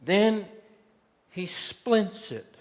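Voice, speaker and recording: A pastor with a high, animated voice draws out his words while preaching in a church sanctuary. He relates folksy stories and acts out what people said. The space gives the recording a long reverb.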